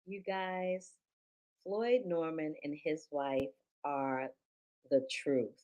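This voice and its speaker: A woman hosting a podcast, interviewing a guest and wrapping up the episode in an effusive, expressive way. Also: low voice, extremely slow. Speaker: podcast host.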